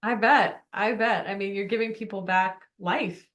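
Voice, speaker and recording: A woman hosts a podcast interview in a casual, conversational way. She is encouraging and enthusiastic, quick to affirm what her guest says. Her voice sits at a middle pitch. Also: a bit bright. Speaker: podcast host.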